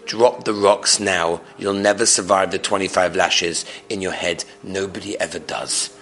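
A man's voice: low voice, steady tone, normal speed, a bit bright, voice pushed down. Cruel, mocking male officer, voiced by a man telling the story. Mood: cold. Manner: mocking, contemptuous.

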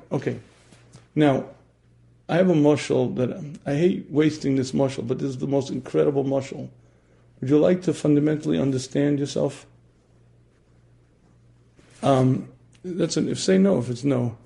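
A man teaching a religious class who often clears his throat and asks his listeners questions. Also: a little high, moderate pace, pauses often, dark tone.

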